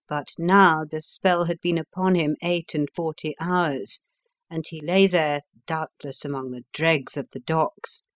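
A woman narrating a classic story as an audiobook, measured and unhurried. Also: low voice, no room sound.

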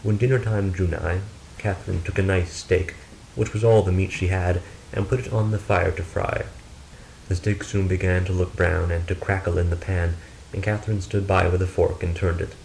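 A man narrating a fairy tale in a steady, measured storybook reading. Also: sits low, creaky, a little hiss or hum, low-quality recording.

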